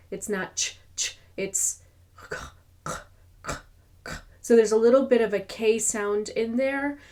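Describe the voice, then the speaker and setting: A woman teaching pronunciation, repeating each sound slowly to demonstrate it. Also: medium pitch, darkish tone. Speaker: language teacher. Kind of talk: slow pronunciation lesson.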